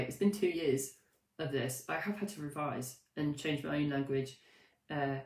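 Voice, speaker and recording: Woman coach, lowish voice, off-mic in an echoey room; rambling, animated, self-deprecating live talk. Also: distant mic. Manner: chatty and animated, with many fillers, restarts and self-mocking asides. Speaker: life coach. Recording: roomy echo, voice set back from the mic.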